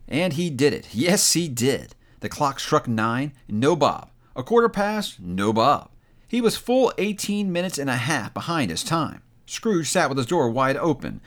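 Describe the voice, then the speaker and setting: A man narrating a classic story aloud with expressive, animated delivery. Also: on the high side.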